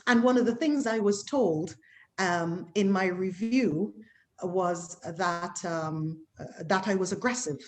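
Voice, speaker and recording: Animated West Indian woman recounting experiences. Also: mid-range voice, slow pace. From West Indies. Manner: animated, acts out other people's remarks in quoted voices. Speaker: guest physician. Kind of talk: candid interview talk.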